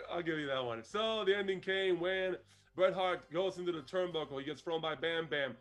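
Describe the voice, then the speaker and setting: A man with a high voice co-hosts a casual review podcast. He recounts events in an animated way and laughs often, with faint music playing behind him. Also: moderate pace. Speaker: podcast co-host. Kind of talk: casual chat reviewing a wrestling show.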